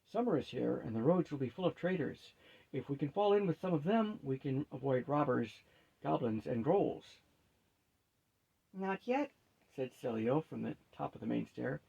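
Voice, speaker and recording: A man reading a fantasy novel aloud at a steady, unhurried pace, lightly shifting his pitch for each character. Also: vocal fry, husky, muffled recording. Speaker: storyteller.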